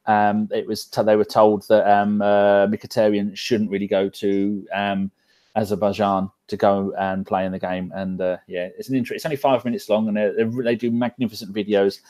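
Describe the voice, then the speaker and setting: A man's voice: lowish voice, flat delivery, moderate pace, a little mellow. A man, a panelist on a casual football podcast, teasing and joking with his co-hosts. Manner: jokey, teasing banter.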